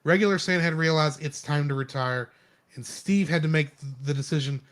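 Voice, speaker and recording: A man co-hosting a live stream, chatting casually about a movie in an animated, rambling way with lots of restarts. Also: on the high side, fairly quick. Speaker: podcast co-host. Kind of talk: casual film review chat.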